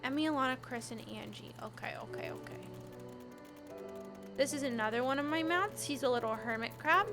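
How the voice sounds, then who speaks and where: Young woman game streamer, high voice, tired and chatty, giggles a lot. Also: fairly quick, over music. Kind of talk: casual live-stream chat.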